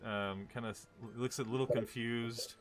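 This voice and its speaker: A man's voice: mid-range voice, steady tone, moderate pace. A man narrating as game master, rambling with laughing self-corrections.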